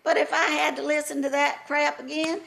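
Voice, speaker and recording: A woman's voice: high-pitched, flat delivery, moderate pace, creaky, a bit bright, heavily acted. A woman playing an elderly retired first-grade teacher, rambling through folksy, gossipy stories. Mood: panicked. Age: older.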